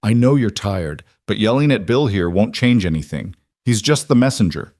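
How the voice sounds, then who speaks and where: A man voicing a quiet cowboy who speaks in a calm, measured and firm way. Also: lowish voice, dry recording, clean studio sound.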